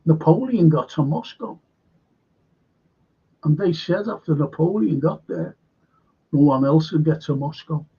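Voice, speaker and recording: Slow, gravelly man, rambling. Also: a little high, dull audio. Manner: halting, repeats words, sarcastic. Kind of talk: rambling opinionated monologue.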